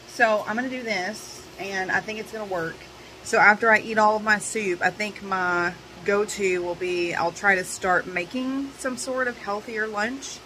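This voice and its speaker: A woman's voice: medium pitch, slight background noise. A middle-aged woman talking through her day in a rambling, casual diary vlog, full of ums. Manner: chatty, rambling, many ums; hushed, half-whispering in bed. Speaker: vlogger. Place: bedroom, in bed.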